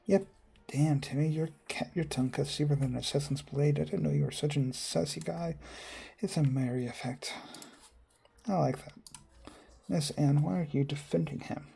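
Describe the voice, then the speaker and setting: Gravelly, mellow-toned man reading game dialogue. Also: on the high side. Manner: quick reading with frequent stumbles and restarts. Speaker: gamer voicing a visual novel.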